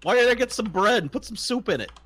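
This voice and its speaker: A man's voice: sits high, lively intonation, fast talker, a bit bright. An American man teasing a friend with dry jokes while they play a game together. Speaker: co-player. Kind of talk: casual gaming banter.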